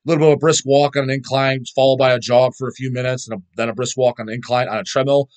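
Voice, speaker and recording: A man's voice: mid-range voice, level tone, very fast. A middle-aged man chatting casually as a vlog host, rambling and swearing constantly as he answers viewer questions.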